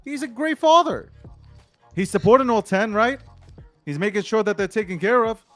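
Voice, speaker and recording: A man co-hosting a late-night talk show, his voice sitting somewhat high for a man. He talks in a slangy, emphatic, rambling way, and faint music plays underneath. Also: expressive, normal speed, fairly bright tone. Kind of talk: casual talk-show commentary.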